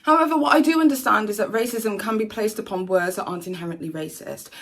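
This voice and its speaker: A woman's voice: medium pitch, fast. A British woman delivering firm, scripted commentary and explaining points emphatically. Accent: British English. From England. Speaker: commentary YouTuber.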